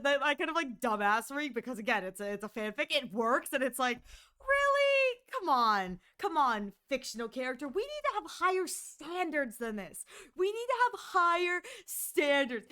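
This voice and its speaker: A woman's voice: high voice, normal speed. A woman streamer chatting casually and gossiping with her viewers during an art stream, laughing often. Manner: giggly, gossipy, animated.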